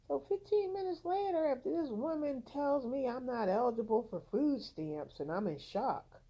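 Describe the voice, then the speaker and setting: A woman's voice: mid-range voice, mellow, slightly rough, rough recording. A tired woman from the United States, telling her own story in a rambling, frank, conversational vlog at home. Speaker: content creator.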